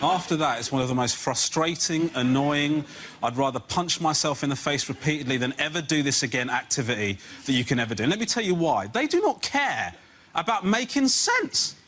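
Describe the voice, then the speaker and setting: A man, a bit higher-pitched than most men, doing a stand-up routine on a TV panel show. He rants in a sarcastic, exasperated way. Loud background noise fills the studio recording. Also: big pitch swings, fairly quick. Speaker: comedian panelist.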